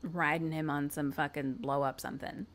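A woman's voice: low voice, fairly even intonation, a little fast, slight background noise. A woman podcast co-host retelling a movie plot in casual chat, swearing, laughing, and saying "like" a lot.

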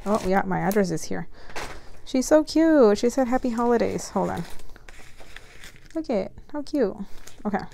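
A young adult woman vlogger chatting casually as she unboxes mail, gushing and excitable with frequent gasps. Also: mid-range voice, creaky, slight background noise.

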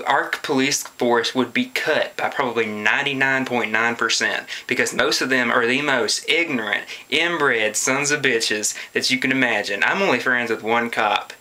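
A man's voice: mid-range voice, pushed and bright. A young man, telling a story in a sarcastic, profane vlog rant. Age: young adult. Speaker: vlogger.

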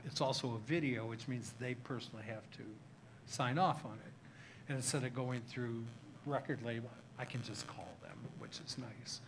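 A man's voice: mid-range voice, fairly even intonation, moderate pace, a little hiss or hum. An older man from Cleveland, Ohio, telling self-mocking, name-dropping stories about his own memoir at a live tavern talk. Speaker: memoir author, guest. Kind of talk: anecdotal storytelling at a live talk.

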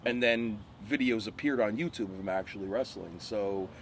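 A man's voice: on the low side, moderate pace, slight background noise. A man guest casually telling rambling stories and laughing often. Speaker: wrestler guest. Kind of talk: casual storytelling.

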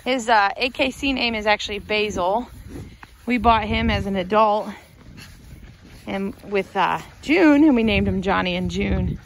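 A woman's voice: mid-range voice, measured pace, slight background noise. A woman outdoors on a lawn, chatting casually about her dog and cooing at it in sing-song baby talk. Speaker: dog owner showing her terrier. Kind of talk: casual video chat.

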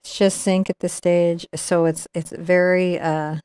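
A woman's voice: on the low side, level tone, unhurried, a little mellow, clear, resonant tone, no room sound. A middle-aged woman teaching acrylic painting live, chatting and explaining each brush move as she paints. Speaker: painting instructor.

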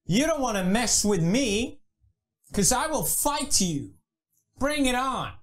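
A man doing goofy comedy sketches on camera, clowning in a mock-dramatic way and bursting into shouts. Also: extremely high pitch, sing-song, takes it slowly. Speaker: YouTuber.

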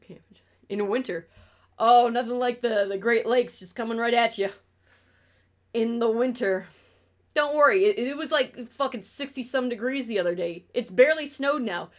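Young woman streamer, slightly high voice, loose rambling chat, swears freely. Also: normal speed.

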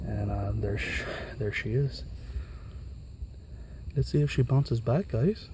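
Slow and mellow, a mid-range male voice guides viewers around his pepper garden on a mountain trail, with slight background noise. He's a gardening vlogger from the Los Angeles area, chatty and enthusiastic in this casual walkthrough.

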